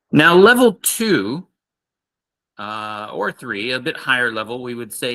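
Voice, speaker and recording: A male English teacher leads an online lesson at an unhurried, deliberate pace. His voice is bright and clear, and he stretches out model phrases so learners can repeat them. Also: medium pitch, lively intonation. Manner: slow, patient, repeats phrases for learners to copy.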